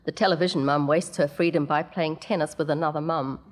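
A woman narrating a story aloud in a measured way, with the odd casual aside. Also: low-pitched, fairly even intonation.

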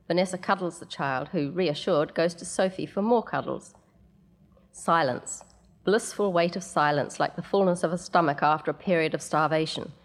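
A woman narrating a story aloud in a measured way, with the odd casual aside. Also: lowish voice.

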